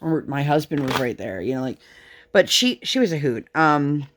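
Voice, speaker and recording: A woman's voice: low voice, lively intonation, moderate pace, slight background noise. A woman in her thirties chatting casually while crafting, telling family stories with lots of fillers and laughter. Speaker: crafting vlogger.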